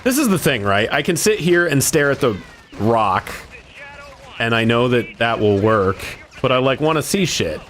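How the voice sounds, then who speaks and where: A man's voice: mid-range voice, very animated, moderate pace, fairly bright tone, a little hiss or hum. A young man hosting a casual gaming stream, joking and swearing freely. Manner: profane, joking, breaks into snatches of song. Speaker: streamer host.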